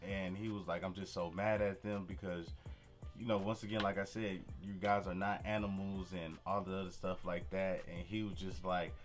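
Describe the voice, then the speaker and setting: A man's voice: low-pitched, normal speed, faint music behind. Laid-back young man telling a story. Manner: relaxed street slang, frequent "you feel me". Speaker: vlogger. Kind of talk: casual storytelling to camera.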